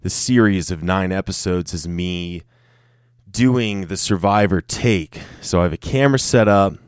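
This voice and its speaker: Recorded up close and dry, without any room echo, this solo podcast monologue comes from a thirty-something host from Colorado, United States. His very low voice is smooth and unhurried as he wanders off topic, cusses and mocks himself, sitting in a room rigged with a camera and light.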